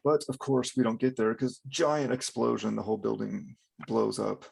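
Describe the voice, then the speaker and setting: Gravelly-voiced man reviewing comics. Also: mid-range voice, normal speed, darkish tone, a little hiss or hum. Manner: wry, laughing commentary. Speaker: channel host. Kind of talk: casual comic book review chat.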